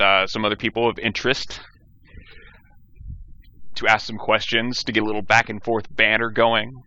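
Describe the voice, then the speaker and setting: Young man, podcast host, profane rambling rants, lowish voice, cheap headset mic. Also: pushed and bright. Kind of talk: solo podcast monologue. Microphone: cheap gaming headset. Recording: dull lo-fi headset audio.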